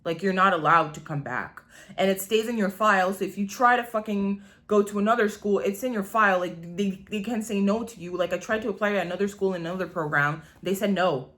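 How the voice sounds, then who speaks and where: This vlogger, a woman in her 20s, speaks fairly quickly in a mid-range, slightly bright voice. Her own story comes out candid and rambling, laced with swearing and constant "like," in a casual confessional mode.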